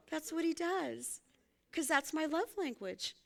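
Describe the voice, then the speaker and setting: A woman's voice: high-pitched, measured pace, vocal fry. A woman minister, giving a conversational, folksy sermon and laughing often as she speaks.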